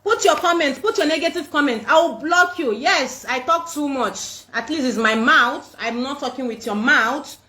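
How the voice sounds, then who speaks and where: A woman's voice: high voice, normal speed, few pauses, sharp tone. Defiant Nigerian woman ranting on a livestream. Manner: defiant, scolding, repetitive. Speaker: livestream host. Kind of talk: livestream rant. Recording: echoey room.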